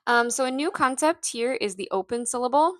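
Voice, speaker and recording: A woman's voice: high voice, animated, a little fast, a bit bright, dry recording. Casual woman teacher with a dry sound. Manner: informal, frequent ums, self-correcting, light laughs. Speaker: literacy teacher. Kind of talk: casual recorded teaching walkthrough.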